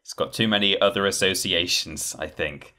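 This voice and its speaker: A man co-hosting a casual podcast, retelling things in a rambling, animated way and acting out quotes. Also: deep voice, normal speed. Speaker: podcast co-host. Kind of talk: casual chat.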